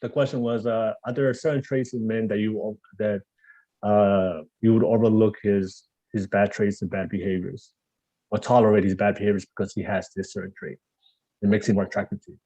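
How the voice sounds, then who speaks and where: A man's voice: fairly low pitch, level tone, a little fast, dark tone, dry recording, poor audio. A man hosting a casual podcast, joking crudely and laughing often. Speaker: podcast host.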